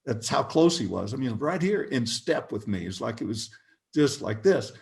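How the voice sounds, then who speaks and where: An older man, a guest on a video call interview, telling anecdotes with chuckles in an animated, storytelling way. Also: medium pitch, normal speed, gravelly.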